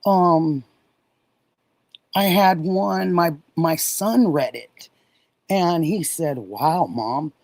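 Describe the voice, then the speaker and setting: A middle-aged woman from Oregon hosting a casual livestream, warmly thanking viewers and answering chat messages. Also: fairly low pitch, extremely slow, creaky, long pauses, no echo, low-quality recording. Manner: warm, gushing, reads and answers chat messages. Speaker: livestream host.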